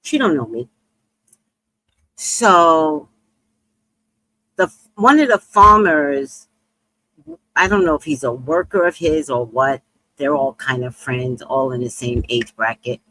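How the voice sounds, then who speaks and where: A woman's voice: slow pace, pauses often, dry recording. Middle-aged woman spinning a story, takes her time, voice jumps way up when she acts out people. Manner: animated, swoops high when acting out others. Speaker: shop owner telling a story. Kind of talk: casual storytelling.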